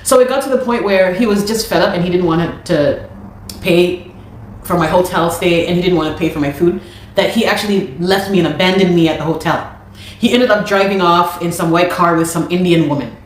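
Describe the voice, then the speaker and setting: A woman from Canada, a musician, giving an animated and exasperated account of a dispute, with many restarts. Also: lowish voice, brisk, slight background noise. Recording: very echoey room.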